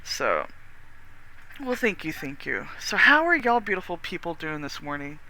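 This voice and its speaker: A streamer with a Texan accent, chatting casually with viewers while gaming, rambling warmly with lots of restarts and the odd swear. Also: mid-range voice, sing-song, normal speed, a little hiss or hum.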